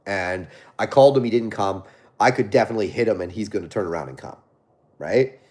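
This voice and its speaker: A man's voice: fairly low pitch, fairly quick, a little mellow. A man, a dog trainer, hosting a casual live stream where he reads viewer questions and answers them, often tagging his points with "right?".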